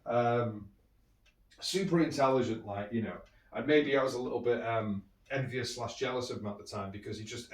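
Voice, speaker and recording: A British man tells his own life stories in a loose, rambling way, circling back on his words as he goes. His voice sits at an ordinary middle pitch. The recording has a noticeable echo from the room around him. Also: recorded from a distance. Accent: British English. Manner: rambling and candid, with frequent restarts and chuckles. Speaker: podcast host. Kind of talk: candid personal storytelling.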